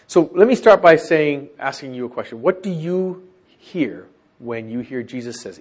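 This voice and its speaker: A man leading a Bible study group, teaching and asking questions, animated as he acts out quoted lines. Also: medium pitch, normal speed.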